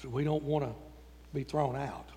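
A man's voice: medium pitch, normal speed, warm tone, slight background noise. A man preaching a folksy, emphatic sermon in a church. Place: church sanctuary. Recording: long church reverb.

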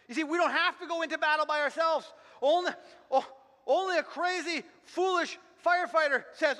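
High bright-voiced man preaching fervently. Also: fairly quick. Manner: fervent, repetitive preaching with many restarts. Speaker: pastor. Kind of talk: sermon. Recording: long hall reverb.

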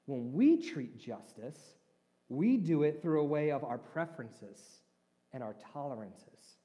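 A man's voice: a little high, very animated, unhurried, mellow, highs cut off. A man preaching a conversational sermon, joking with his congregation. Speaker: pastor. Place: church hall. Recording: reverberant church hall.

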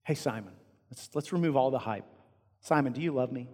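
A man voicing a gentle, merciful male teacher in a hushed, tender way within a sermon. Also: medium pitch, a little fast, in a large hall, close to an everyday voice.

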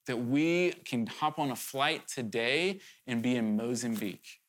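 A man's voice: mid-range voice, measured pace, fairly bright tone. Earnest man preaching a sermon. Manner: earnest and urgent, with sudden emphatic rises; conversational, with candid asides and restarts.

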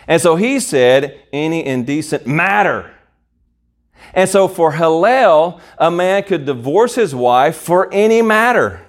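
Man preaching a Bible-teaching sermon. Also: medium pitch. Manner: explanatory, repeats key words, many fillers.

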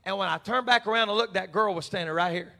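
A male pastor with a high-pitched voice tells a story from the pulpit. His tone is bright and forceful, and he speaks in a plain, conversational style. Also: quick pace, vocal fry. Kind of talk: sermon with personal story.

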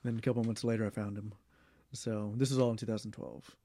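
A young man in a casual interview, talking in a rambling way with many fillers, restarts and throat clearing. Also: lowish voice, steady tone, fast talker, mellow. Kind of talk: casual oral history interview.

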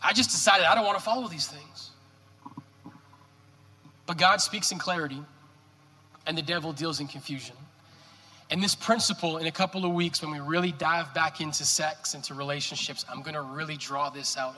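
Bright high-voiced preaching pastor. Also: male voice, normal speed. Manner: animated, joking preacher with rhetorical questions. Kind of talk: sermon. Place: church sanctuary. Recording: reverberant church hall.

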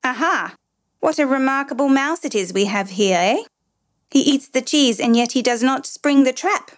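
A woman voicing a gruff, stern French-Canadian father in a storybook reading. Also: medium pitch, fairly even intonation, a little slow, no room sound, clean studio sound, close to an everyday voice. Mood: sly. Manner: gruff, exclaiming.

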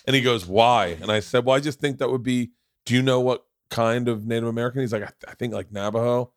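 Here the Florida podcast host and comedian spins loose, conversational stories, restarting lines and cursing without restraint. He talks fast and flat in a clear, resonant mid-range voice, recorded dry in a clean studio.

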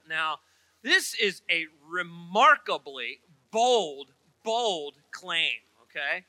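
In a church auditorium, a middle-aged man serving as pastor delivers a sermon full of funny stories and chatty asides. He speaks slowly in a high, very animated voice with a sharp tone, on a rough recording with no room sound.

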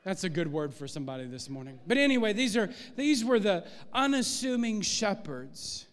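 A man preaching a sermon as pastor of a church, animated and rising in force on key points. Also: sits high, moderate pace, big-room sound. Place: church sanctuary.

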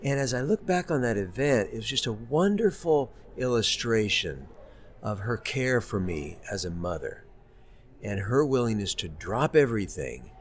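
A man telling a childhood story in an interview, in a measured and reflective way. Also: fairly low pitch, very animated, a little hiss or hum.

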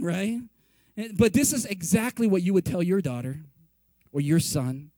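High-pitched guy preaching, animated and chatty, keeps asking right?, dry sound. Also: moderate pace, dry recording. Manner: conversational, repeatedly asks "right?"; animated, acts out quoted reactions. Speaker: pastor. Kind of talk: sermon.

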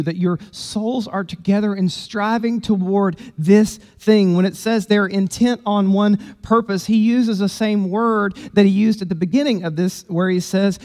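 A man's voice: high-pitched, steady tone, moderate pace, few pauses, a little mellow, long reverb tail. A man preaching a sermon as pastor, emphatic and conversational, in a church sanctuary.

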